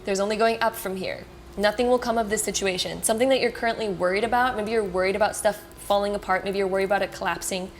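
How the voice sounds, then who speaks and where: A woman giving a casual pick-a-card tarot reading to viewers. She talks fast and with excitement, reassures them, and fills her speech with "like" and "you know.". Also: mid-range voice, a little hiss or hum. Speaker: tarot reader.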